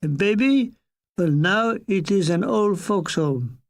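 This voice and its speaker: A man's voice: sits high, takes it slowly, heavily acted. A man voicing a voluble French taxi driver with an exclaiming French accent. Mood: excitable. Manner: excitable, exclaiming.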